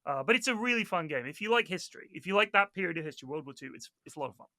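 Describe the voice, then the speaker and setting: Bright, high-voiced swearing man. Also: very fast, no echo, clean studio sound. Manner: animated storyteller, swears a lot, mimics other players. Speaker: guest. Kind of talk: casual podcast chat.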